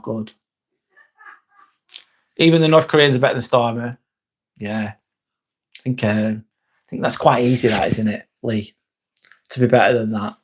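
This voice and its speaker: A young man, chatting bluntly on a live stream, reading and answering viewer comments and swearing freely. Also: a little high. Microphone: phone.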